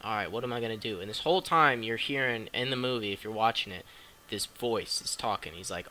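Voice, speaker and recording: A man's voice: fairly low pitch, fairly quick, slight background noise. A young man casually reviewing a film for a vlog, chatty and swearing freely as he talks through the plot. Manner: excitable, profane, chatty. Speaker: movie reviewer.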